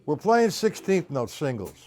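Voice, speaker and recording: A man with a fairly high voice and big pitch swings teaches drums on a live stream, chatting unhurriedly and counting beats aloud. Loud music plays behind his voice.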